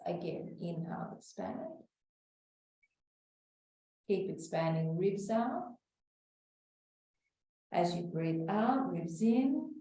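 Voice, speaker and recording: In this guided breathing and back-care session, a woman instructor with a voice on the low side talks calmly and slowly through each breath, sometimes softening to a whisper. The room is echoey and she is recorded from a distance.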